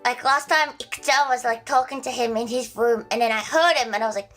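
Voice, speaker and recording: A woman's voice: a little high, brisk, fairly bright tone, soft background music. A young woman livestreaming, chatting casually with viewers in a playful, giggly, chaotic way with crude jokes.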